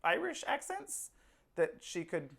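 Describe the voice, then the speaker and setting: A woman co-hosting a casual movie review chat, with a fairly low voice for a woman. She talks in a relaxed way, laughing along and thinking her points through out loud. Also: a little slow, vocal fry. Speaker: podcast co-host, movie reviewer.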